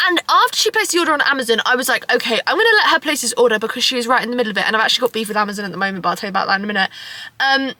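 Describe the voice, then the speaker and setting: Young woman, casual vlog chat, sweary, sarcastic, bright tense tone, slightly high voice. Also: dry recording. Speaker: vlogger.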